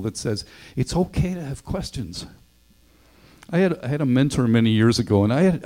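A man's voice: mid-range voice, warm tone, poor audio. A male pastor preaching a sermon in a conversational way, acting out the voices of the people he quotes.

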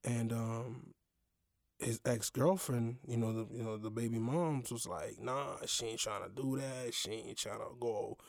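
A man's voice: medium pitch, unhurried, vocal fry, no room sound, clean studio sound. A young man hosting his own show, telling a personal story in a loose, slangy way with lots of fillers. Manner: slangy, animated, full of fillers. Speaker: podcast host. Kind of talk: casual storytelling.

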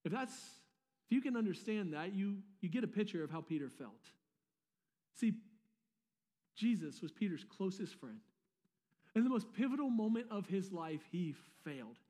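A man with a high, bright-toned voice preaches a sermon, his words carrying a long reverb from a large church hall. He talks casually and conversationally, dropping in slangy asides and repeating words as he goes. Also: big pitch swings, moderate pace, long pauses. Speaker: pastor.

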